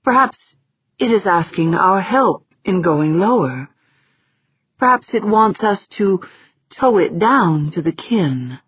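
A woman voicing the slow, pondering inner thoughts of a vast, curious alien sea creature in an audiobook. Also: mid-range voice, expressive, husky, no room sound, pitched above the performer's own voice. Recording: slightly dull, dry audiobook recording.

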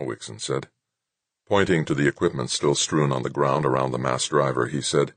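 A man narrates a novel as scripted audiobook narration throughout, steady and measured. His voice is extremely low with a husky grain. A close mic makes the sound dry and dead, with no room sound at all.

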